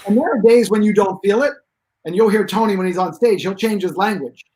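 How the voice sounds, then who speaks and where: A man's voice: sits high, a little fast, darkish tone, rough recording. A man speaking as a guest expert on pain relief, telling stories emphatically with rambling asides. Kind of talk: animated storytelling.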